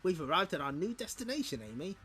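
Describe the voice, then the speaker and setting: A man's voice: high voice, big pitch swings, fast talker, sharp tone, slightly rough, faint music behind, heavily acted. A man voicing a polite, curious robot sidekick in a comic read-aloud.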